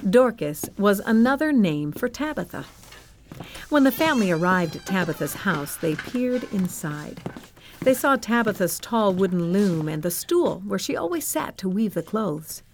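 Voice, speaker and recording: A woman narrating a Bible story for children in a gentle, expressive scripted style. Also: medium pitch, moderate pace, a little hiss or hum.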